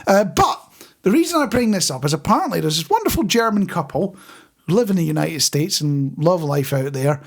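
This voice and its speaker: Co-hosting a casual podcast, a man tells stories with frequent chuckles and restarts. His voice runs on the high side with a sing-song lilt, and he talks a little fast.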